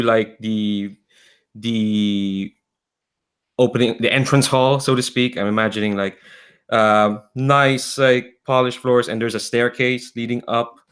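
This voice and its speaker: A man's voice: medium pitch, fairly bright tone, clear, resonant tone. A man narrating a tabletop game as game master, hesitant and full of ums and restarts.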